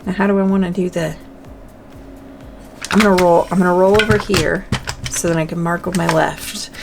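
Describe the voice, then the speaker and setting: A woman's voice: lowish voice, fairly even intonation, normal speed, creaky, music in the background. A woman hosting a budgeting channel, chatting casually to camera while playing a dice game, talking to herself and counting aloud.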